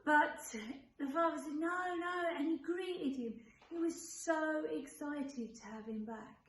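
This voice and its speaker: A woman, a children's church leader, gently and earnestly explaining a Bible lesson to children. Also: on the high side. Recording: echoey room with faint background noise.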